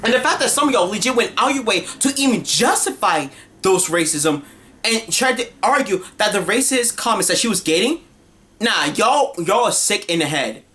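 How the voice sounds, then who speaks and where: A woman's voice: medium pitch, animated, normal speed, a bit bright. A woman delivering a heated, scornful rant as an online commentator, repeating her points and talking over herself. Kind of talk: ranting vlog monologue.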